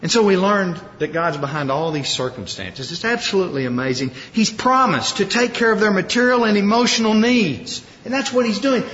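A man preaching a sermon, retelling a story with lively acted-out quotes. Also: high voice, a little hiss or hum. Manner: animated storytelling, acting out quoted lines. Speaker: pastor. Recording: roomy hall, dull lo-fi sound.

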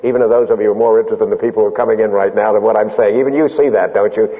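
A man preaching a sermon, deliberate and emphatic, with frequent pauses and filler sounds. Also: on the low side, fairly even intonation. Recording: lo-fi phone-band recording in a reverberant hall.

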